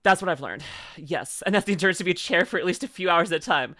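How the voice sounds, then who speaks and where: Bright-voiced, rambling playful streamer man. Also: high voice, fast, no room sound, clean studio sound. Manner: rambling and playful, many fillers. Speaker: streamer reacting to a video. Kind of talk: casual live-stream chat.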